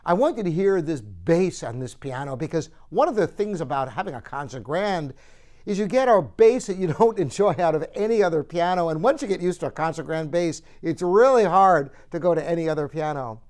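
Man, higher voice with a smooth resonance, enthusiastic store host showing off an instrument. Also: animated, fairly quick, a little mellow. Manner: enthusiastic, admiring. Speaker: piano store host and pianist. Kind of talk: product demonstration talk.

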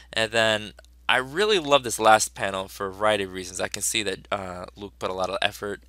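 A man's voice: fairly low pitch, a little fast, pushed and bright, no room sound. A man teacher giving a casual, upbeat review of his students' work, chatty and full of fillers.

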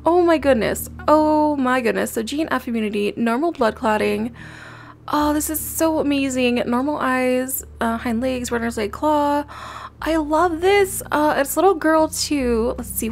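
A woman hosting a casual let's-play, gushing and easily excited as she talks through the game with lots of fillers. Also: sits high, creaky. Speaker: gaming channel host.

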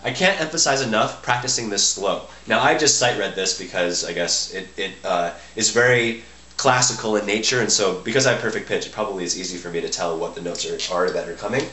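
A man teaching violin, explaining musical phrasing in a halting way and often restarting his sentences. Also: fairly low pitch, sharp tone. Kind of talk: instructional explanation between playing. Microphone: camera mic. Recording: echoey room with violin playing.

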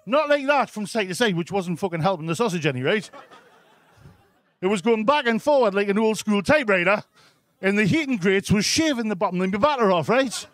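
Here's a Geordie comic on a club stage mid-set, working through a crude tale and constantly checking in with the crowd with "right?" He sounds high-pitched and animated, a touch bright, and talks fairly quickly.

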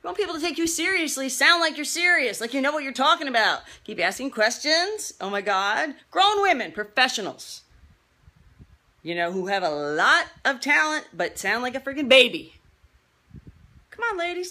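Woman, fitness trainer, blunt rant, bright tense voice, swooping animated delivery. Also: high voice, moderate pace. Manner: brash, scolding, fired-up; swears casually. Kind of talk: blunt public service rant.

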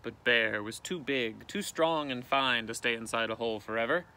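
Sitting in a canoe outdoors, a male teacher reads a picture book aloud with expressive, dramatic storytelling. His voice is medium-pitched and his pace moderate.

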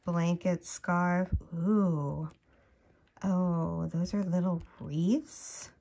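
Unhurried, gushing woman crochet vlogger, casual unboxing talk that keeps breaking off mid-thought. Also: fairly low pitch. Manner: gushing, excitable, gasps and trails off mid-sentence. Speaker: crochet channel host.

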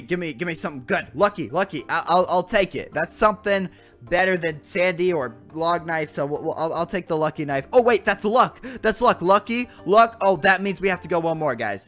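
A young man giving excitable gameplay commentary, groaning and exclaiming at bad luck and talking to viewers as guys and bro. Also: on the high side. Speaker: gaming YouTuber.

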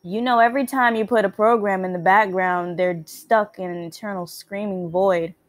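A woman reading out the lines of an eerie self-aware girl from a computer game, in a soft, low, measured voice. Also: fairly even intonation, dry recording, close to an everyday voice. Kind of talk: reading game dialogue aloud.

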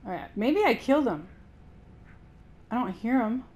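A woman giving anxious let's-play commentary, yelping and shouting at enemies. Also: fairly high pitch, expressive, measured pace. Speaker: gaming streamer.

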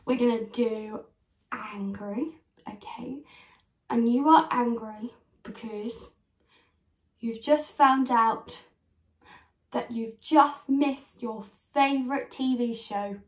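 A young British woman in her twenties leading an online drama class for children, upbeat and encouraging as she talks straight to the kids. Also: on the high side. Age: 20s. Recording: echoey room, voice from a distance.

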